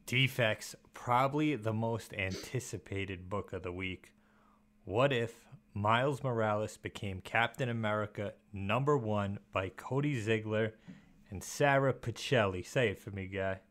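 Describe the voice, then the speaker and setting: A man's voice: fairly low pitch, measured pace, fairly bright tone. A man co-hosting a casual comic book podcast, talking in a joking, punchy way. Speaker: podcast co-host.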